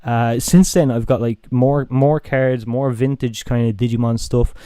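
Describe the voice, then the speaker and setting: A man's voice: mid-range voice, steady tone, unhurried, dark tone, smooth, no room sound. A young Irish man with a toned-down Dublin accent, chatting casually on a live stream, swearing freely and restarting his sentences. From Ireland.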